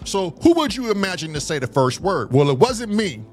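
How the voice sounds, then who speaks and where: A man from Southern California telling a long story on a live show, animated and profane, acting out the dialogue. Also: high voice, fairly quick, faint music behind.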